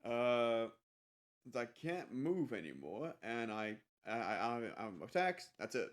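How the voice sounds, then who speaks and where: A man plays a tabletop game with a lively, animated voice that swings up and down. He talks casually and stumbles through restarts. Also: medium pitch, slow pace. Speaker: player.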